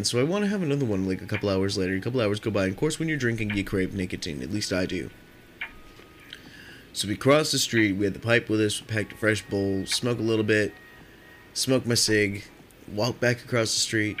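A man's voice: lowish voice, lively intonation, a little fast, pauses often, a bit bright, slight background noise. A young man telling casual stories on his podcast in a rambling, profane way, filling his talk with "like". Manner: rambling and profane, heavy use of "like". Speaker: podcast storyteller.

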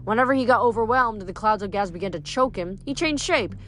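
A woman reading a novel aloud, telling the story in a steady way with dramatic emphasis. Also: medium pitch, fast talker. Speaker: reader.

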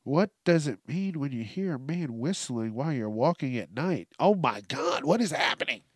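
A man's voice: medium pitch, animated, normal speed, slightly rough, no echo, clean studio sound. A male podcast host ranting through a profane solo monologue, congested from allergies.

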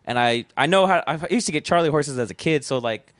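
A young adult man, a podcast guest and festival founder, tells a rambling story in casual chat, swearing freely and acting out the lines he said back then. His voice is on the high side, animated, brisk, and a bit bright, with no room sound.

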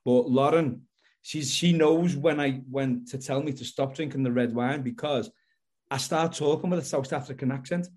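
Guy author on a podcast, mid pitch, stumbly and repeating himself, video call. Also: moderate pace, darkish tone. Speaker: guest author. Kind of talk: casual chat.

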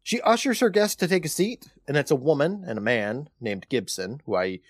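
A man's voice: on the high side, lively intonation, normal speed, no echo, studio quality. A man co-hosting a podcast, casually retelling a TV episode scene by scene and quoting characters' lines as he goes. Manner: chatty retelling with quoted lines. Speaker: podcast co-host.

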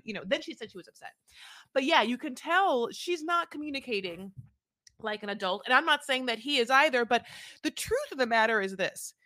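Woman, podcast co-host, opinionated casual chat, higher and very lively voice. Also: no room sound, studio quality. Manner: emphatic, opinionated, quick rambling asides.

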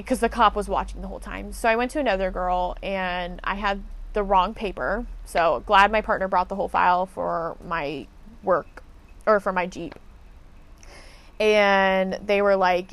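A woman's voice: medium pitch, normal speed, a bit bright. A woman telling a casual story as a podcast host, blunt and profane as she vents her frustration.

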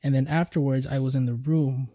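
Laid-back man telling stories, mellow tone. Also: medium pitch, steady tone, fairly quick, dry recording, clean studio sound. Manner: laid-back storytelling, swears freely. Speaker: podcast co-host. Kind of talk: casual chat.

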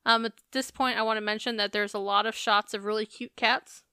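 Bright, chatty woman podcast co-host. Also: mid-range voice, steady tone, brisk, clear, resonant tone, no echo, clean studio sound. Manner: chatty, profane, laughs while recapping. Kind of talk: casual recap chat.

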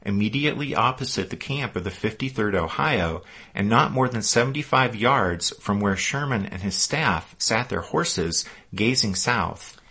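A man reading scripted historical narration in a measured storytelling manner. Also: on the low side, lively intonation, pushed and bright, slightly rough.

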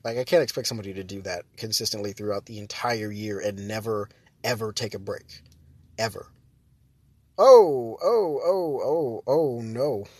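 A man's voice: fairly low pitch, no room sound. A man hosting his own podcast, chatting casually and rambling, breaking off mid-sentence and laughing often. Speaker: podcast host. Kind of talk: casual solo podcast chat.

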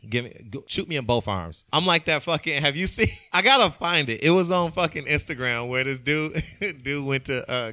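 A man telling a story in casual chat, animated and profane, laughing often. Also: mid-range voice, dry recording.

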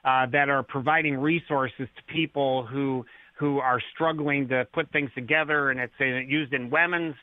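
A man's voice: medium pitch, steady tone, moderate pace, few pauses, no room sound. Man explaining on a tinny phone line. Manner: storytelling, acts out quoted lines. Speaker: author and guest. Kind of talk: explanatory radio interview talk.

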